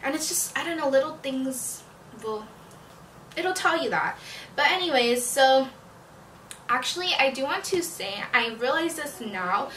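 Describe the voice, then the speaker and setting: Young woman vlogger, bright, slightly high voice, blunt casual confessional chat, roomy echo. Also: animated, unhurried, a little hiss or hum. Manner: chatty, frank, swears, many "like" fillers. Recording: echoey room, a bit far from mic.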